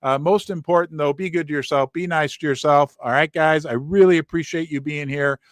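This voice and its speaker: A man hosting a precious metals live stream from his basement, excitedly greeting viewers by name and losing his voice. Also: a little high, a little fast, no room sound, studio quality. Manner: excitable, reading out viewer names. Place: basement room.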